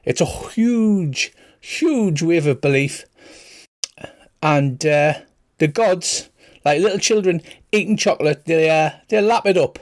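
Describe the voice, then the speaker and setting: A man's voice: a little high, lively intonation, takes it slowly, pitched above the performer's own voice. A man voicing a large, sly male priest with a put-on Irish accent, chatty and folksy. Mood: persuasive. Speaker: cleric character.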